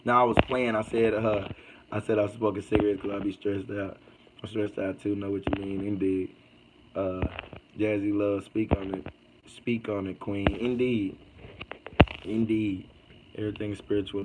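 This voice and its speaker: A man's voice: on the low side, fairly even intonation, moderate pace, noisy background. A man hosting a casual livestream, reading out comments and preaching in a loose, slangy way. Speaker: livestream host.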